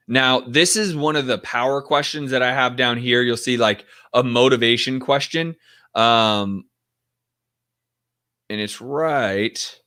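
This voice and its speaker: Bright-voiced man coaching sales calls. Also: mid-range voice, measured pace, smooth. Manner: direct, conversational, acts out sample phone calls. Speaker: real estate investing coach. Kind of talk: casual teaching talk.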